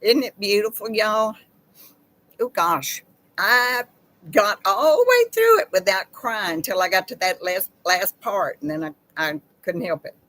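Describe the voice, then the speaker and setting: A woman's voice: mid-range voice, big pitch swings, a bit bright, low-quality recording. A woman hosts a casual chat with her viewers and reads aloud in a heartfelt, emotional way. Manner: slow, heartfelt, emotional reading. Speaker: channel host.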